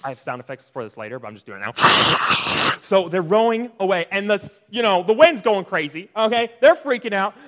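A young man with a high, slightly bright voice teaches children a lively, jokey Bible lesson. He keeps throwing questions out to his audience.

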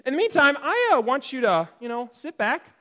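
A man's voice: very high voice, big pitch swings, a little fast, fairly bright tone. A young man teaching a playful, jokey Bible lesson to children, often asking the audience questions. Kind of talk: lively kids' Bible lesson.

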